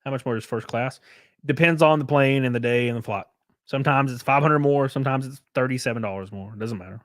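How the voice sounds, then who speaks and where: An American streamer hosts his livestream with a fast, medium-pitched voice and clean studio sound, no room noise. He rants casually and profanely, mimicking people in mocking voices.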